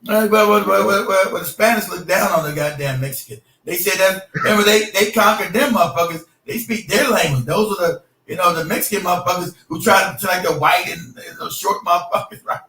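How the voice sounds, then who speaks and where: A man's voice: sits high, a little fast, hardly any pauses, sharp tone. A man in casual, profane chat who tells stories and laughs as he goes. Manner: loose, profane, laughing storyteller. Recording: roomy echo, distant mic.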